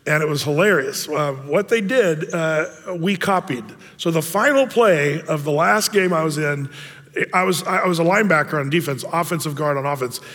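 A man's voice: on the high side, normal speed, fairly bright tone, in a large hall. A middle-aged man from Oregon teaching a men's Bible study in a folksy, rambling way, with many fillers, restarts and humorous asides about his own life. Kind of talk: conversational Bible teaching with personal stories.

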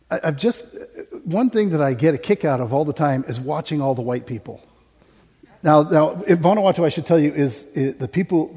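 Preaching a sermon into a stage mic, an American man with a mellow, mid-range voice keeps things humorous, telling amusing stories and frequently laughing. The sound echoes through a reverberant hall.

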